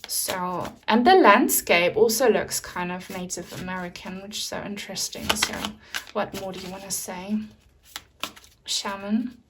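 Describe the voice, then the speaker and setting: A woman giving a pick-a-card tarot reading to camera, speaking softly with many pauses and fillers and sounding moved. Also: mid-range voice, slight background noise. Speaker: tarot reader.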